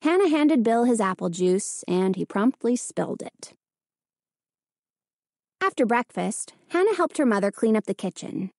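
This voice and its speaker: A woman narrating a children's storybook in an expressive storytelling manner. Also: a little high, measured pace, dry recording, studio quality. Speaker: audiobook narrator. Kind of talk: scripted narration.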